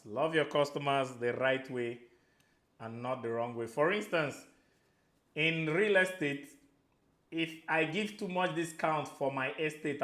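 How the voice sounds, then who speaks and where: A man with a Nigerian accent giving a motivational Q&A talk as a real estate coach, animated and acting out voices with Pidgin asides. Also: fairly high pitch, roomy sound.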